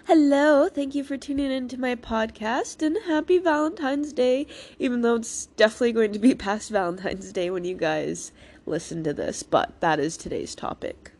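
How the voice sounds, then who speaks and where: A woman's voice: on the high side, moderate pace, a little mellow. Teary, stuffed-up woman podcaster. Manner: raw, emotional and openly vulnerable. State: stuffed-up voice from crying. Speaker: podcast host. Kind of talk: personal podcast monologue.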